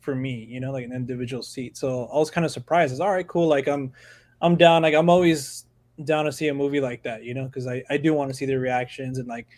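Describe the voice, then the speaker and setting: A man's voice: medium pitch, steady tone, fast, darkish tone. Laid-back slangy man. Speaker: podcast co-host. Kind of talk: casual chat.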